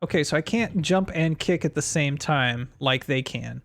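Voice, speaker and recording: A man's voice: a little high, normal speed, vocal fry, fairly bright tone. A man streaming a retro game, rambling through bemused reactions and questions to himself. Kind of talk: live let's-play commentary.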